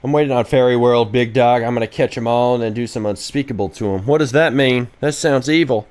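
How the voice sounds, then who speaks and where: A young man live-streaming while he builds games, chatting casually in a brash, profane, excitable way and answering viewer questions. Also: mid-range voice, brisk. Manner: reads viewer chat questions aloud and answers. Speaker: game developer streaming live. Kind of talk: casual livestream chat while coding.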